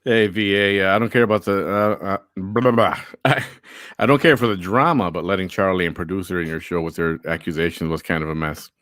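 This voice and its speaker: A man's voice: deep voice, steady tone, brisk, a bit bright, dry recording, studio quality. A man hosting a live chat show, reading viewer comments aloud in an easygoing way. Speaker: host.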